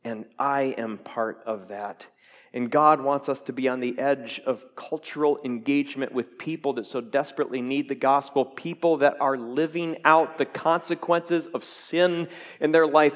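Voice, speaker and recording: A man preaching a sermon to his church, joking with the congregation and swinging from loud peaks to hushed lines. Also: medium pitch, moderate pace, big-room sound. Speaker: pastor.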